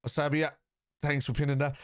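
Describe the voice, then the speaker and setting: A man's voice: a little high, flat delivery, fast talker, no room sound, clean studio sound. A middle-aged man hosting a football watchalong, talking casually and bluntly while reading out and answering viewers' comments. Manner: blunt, combative with chat, reads comments aloud. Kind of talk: casual live-stream chat.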